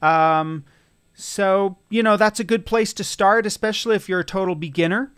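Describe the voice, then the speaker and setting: Relaxed male guitar teacher on a live stream, talks in a loose chatty way, slightly higher voice, dry room. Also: moderate pace, clean tone, no echo. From Sacramento, California. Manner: casual, chatty, greets viewers, frequent fillers and restarts. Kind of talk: live-streamed guitar lesson with chat replies. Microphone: studio mic, a bit away from him.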